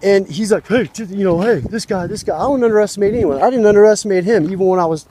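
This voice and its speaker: A man's voice: high-pitched, quick pace, dark tone, slight background noise. A man in a heated street argument with protesters, profane, rambling and combative, recorded outdoors. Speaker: passerby arguing with protesters.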